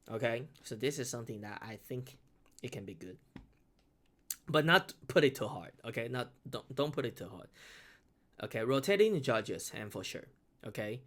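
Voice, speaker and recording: A man's voice: medium pitch, fairly bright tone. A man whose first language is Mandarin, giving casual, heartfelt reaction commentary in English, stopping and restarting his sentences. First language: Mandarin Chinese. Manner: halting, many restarts and repeated words; earnest, heartfelt. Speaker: beatboxer reacting to videos.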